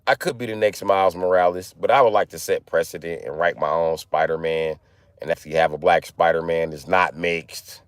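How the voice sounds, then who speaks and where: Casual streamer man, lowish voice, joking banter, dry phone mic. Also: brisk, smooth, no room sound. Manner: loose, joking banter with viewers. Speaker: livestreamer. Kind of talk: casual livestream chat.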